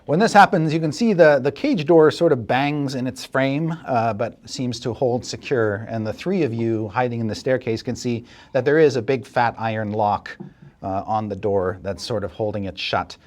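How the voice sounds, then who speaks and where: A man narrating a tabletop game as dungeon master, describing scenes with animated energy. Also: medium pitch, normal speed.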